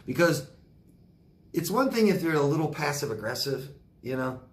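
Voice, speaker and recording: A man's voice: on the high side, animated, normal speed, echoey room. A man, a life coach, answering viewer questions in a loose, rambling way, repeating words and using many fillers. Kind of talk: casual Q&A monologue.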